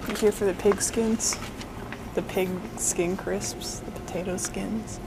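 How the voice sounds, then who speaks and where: A young adult woman filming a casual vlog, chatty and playful and quick to laugh, talking from behind a handheld camera. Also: medium pitch, fairly even intonation, noisy background. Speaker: vlogger.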